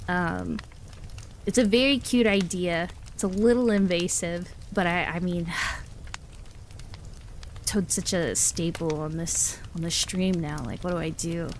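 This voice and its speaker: A woman's voice: fairly low pitch, steady tone, slow pace, slight background noise. A woman livestreamer chatting casually with her viewers, rambling, giggling often and restarting her sentences. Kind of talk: casual chat with live chat.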